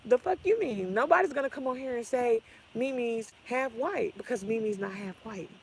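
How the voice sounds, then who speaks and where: A woman's voice: fairly high pitch, expressive, moderate pace, slight background noise, low-quality recording. A woman ranting on her livestream, blunt, sassy and trash-talking. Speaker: vlogger. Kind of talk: profane ranting livestream talk.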